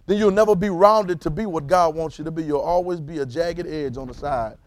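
A man preaching with a fairly high voice that keeps rising into loud, emphatic bursts before dropping back down. He repeats his lines and has the congregation echo him back. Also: fairly quick, hardly any pauses. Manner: calls on congregation to repeat phrases. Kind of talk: sermon.

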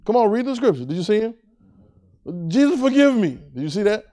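A man's voice: sits high, big pitch swings, racing, mellow. Dynamic call-and-response preacher man. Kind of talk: sermon.

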